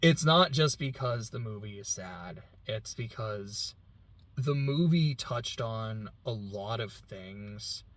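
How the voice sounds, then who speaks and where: A man's voice: fairly low pitch, animated, takes it slowly, a bit bright. A young man talking casually through his reaction to a film, rambling and candid, laughing often and swearing now and then. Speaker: film reviewer. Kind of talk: casual movie reaction vlog.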